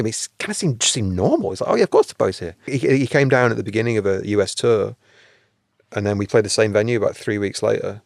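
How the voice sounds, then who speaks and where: A man's voice: on the low side, gravelly, dry recording. A male band member reminiscing in an interview, rambling and full of fillers. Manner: rapid, rambling, filler-heavy talk.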